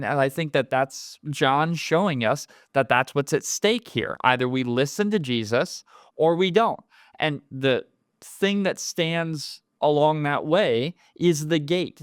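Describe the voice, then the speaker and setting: A man's voice: medium pitch, smooth, no room sound, clean studio sound. A man leading a conversational Bible study, earnest and explanatory, often repeating words as he works out a thought.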